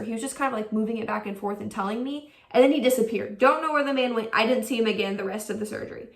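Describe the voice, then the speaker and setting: A woman's voice: fairly high pitch, roomy sound, distant mic. A young woman vlogger telling a personal story in a casual, chatty way, full of "like" fillers and acted-out quotes. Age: young adult.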